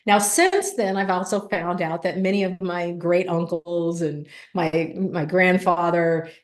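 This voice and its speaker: A woman's voice: lowish voice, unhurried. A woman guest on an interview show, a business coach telling stories and acting out what people said. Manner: animated storytelling, acts out quoted voices. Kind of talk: conversational interview. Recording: echoey room.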